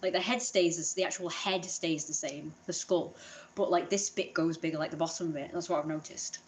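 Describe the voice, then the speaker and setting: A woman's voice: deep voice, fairly even intonation, fairly quick, a little hiss or hum. A woman chatting casually in a vlog, rambling and self-deprecating. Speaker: vlogger.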